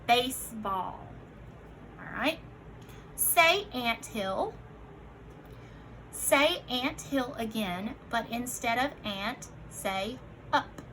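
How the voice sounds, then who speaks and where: Slow, bright-voiced woman teaching phonics. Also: a little high, expressive, a little hiss or hum, low-quality recording. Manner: slow, clearly enunciated prompts; encouraging, addresses listeners as friends. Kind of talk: recorded phonics lesson for children.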